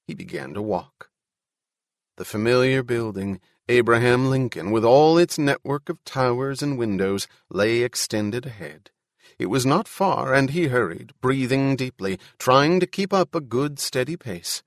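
Measured male audiobook narrator, dry sound. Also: fairly low pitch, expressive, no room sound. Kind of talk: scripted narration.

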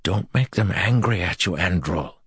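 A man's voice: deep voice, expressive, normal speed, breathy edge, no room sound, clean studio sound, pitched above the performer's own voice, heavily acted. A man voicing a frightened young man who has been turned to the shadow, talking in an anxious, pleading way in an audiobook. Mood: anxious eager. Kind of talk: audiobook character voice.

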